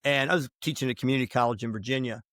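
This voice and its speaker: A man's voice: mid-range voice, very fast, a bit bright, no echo, studio quality. A man speaking as a podcast guest, telling history stories and giving emphatic opinions in a conversational interview. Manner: emphatic, opinionated, digressive with restarts.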